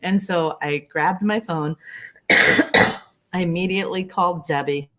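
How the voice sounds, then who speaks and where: A woman with a very low voice chats casually as a guest on a talk show. She stumbles and restarts her phrases often. Her tone stays conversational throughout. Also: a little slow, sharp tone. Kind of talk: casual chat.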